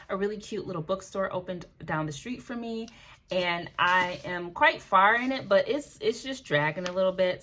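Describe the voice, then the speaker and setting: A woman's voice: medium pitch, bright, forceful tone. Chatty woman rambling through a home vlog. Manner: rambling, playful, laughs at herself. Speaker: beauty and lifestyle vlogger.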